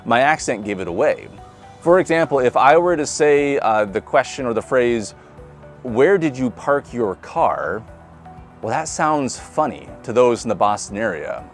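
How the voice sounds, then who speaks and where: A male pastor with a Midwestern accent gives a relaxed, conversational sermon. His pitch moves widely and expressively, he asks his listeners questions, and faint music plays underneath. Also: normal speed. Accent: Midwestern American. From Nebraska. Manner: conversational, asks the congregation questions, laughs lightly.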